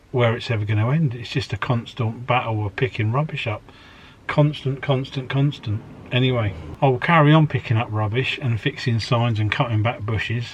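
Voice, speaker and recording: A man's voice: mid-range voice, husky. A man talking in a weary, matter-of-fact way for a casual video diary. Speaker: vlogger's husband.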